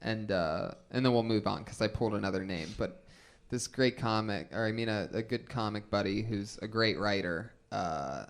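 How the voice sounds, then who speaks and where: A man's voice: on the low side, normal speed, hardly any pauses, smooth. A man hosting a comedy podcast, telling stories in casual chat and acting out the people in them. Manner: animated storyteller, acts out whispers and shouts.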